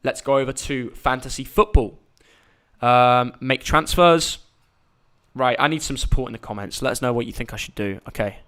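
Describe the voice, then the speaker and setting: A man's voice: medium pitch, moderate pace, a bit bright, clear, resonant tone. A young man, hosting a casual live stream and chatting in a rambling, jokey way. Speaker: YouTube host.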